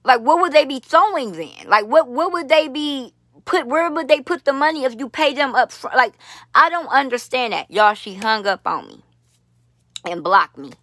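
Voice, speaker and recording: A woman vlogger telling a long personal story to her viewers, blunt, profane and animated, with many asides to the audience. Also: high voice, moderate pace, no echo, studio quality. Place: lives in Las Vegas.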